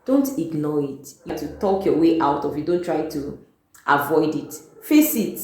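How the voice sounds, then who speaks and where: A woman's voice: low-pitched, animated, moderate pace, darkish tone. A Nigerian woman giving a motivational talk to camera on her channel, earnest and repeating her key points. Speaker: vlogger. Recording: very echoey room.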